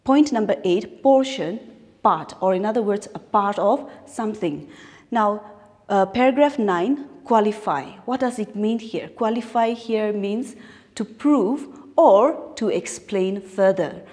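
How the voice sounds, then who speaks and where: A woman teaching an English lesson in Indian English, explaining new words slowly and repeating phrases. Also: medium pitch, animated, a little mellow. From Nagaland, India. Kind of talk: recorded classroom lesson. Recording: long hall-like reverb.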